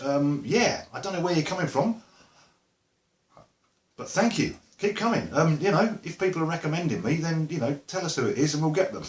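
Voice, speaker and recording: Rambling, jokey Essex man in an echoey room. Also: a little high. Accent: Essex English. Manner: jokey, rambling, lots of fillers and asides. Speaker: musician vlogger. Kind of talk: casual rambling chat to camera.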